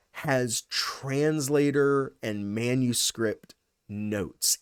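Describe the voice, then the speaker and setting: A man's voice: medium pitch, no room sound, studio quality. A man in his thirties, a pastor, walking through a passage in a casual teaching style, thinking aloud with many fillers and restarts.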